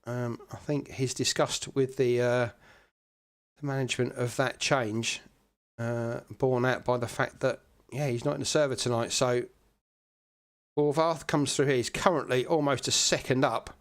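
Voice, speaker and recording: A man's voice: mid-range voice, a little slow. Male sim racing commentator, conversational live play-by-play, mid-range voice. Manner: chatty, relaxed, many fillers.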